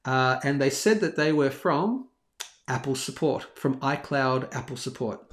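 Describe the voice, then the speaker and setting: A man's voice: medium pitch, expressive, unhurried. A man hosting a live stream, casually telling a rambling, self-deprecating story. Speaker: host of a daily live bullion show. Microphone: live stream over a phone hotspot.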